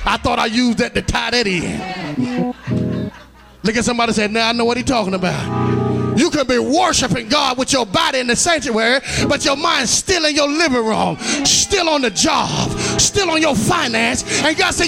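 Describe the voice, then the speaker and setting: A man preaching a sermon in a church sanctuary, calling out to the congregation and breaking into a sing-song, shouted whoop. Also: extremely high pitch, lively intonation, normal speed, creaky. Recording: music playing under the voice.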